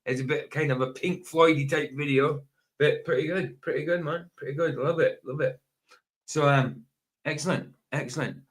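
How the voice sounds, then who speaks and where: Halting man hosting a casual stream. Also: on the high side. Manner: hesitant, halting with frequent fillers and self-corrections. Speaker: livestream host. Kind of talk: casual chat.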